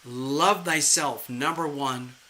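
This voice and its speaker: A man giving a live-streamed tarot reading in an animated, chatty, playful way. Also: a little high, slow, rough recording. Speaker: tarot reader.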